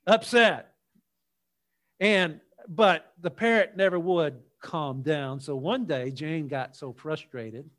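Male pastor, slightly raised voice, unhurried and folksy, delivering a church sermon. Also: a little high. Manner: folksy, unhurried storytelling with jokes.

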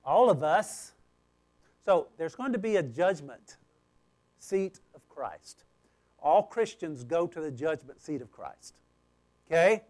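High-voiced man preaching emphatically. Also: sing-song, slow, pauses often, a little mellow. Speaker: pastor. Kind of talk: sermon.

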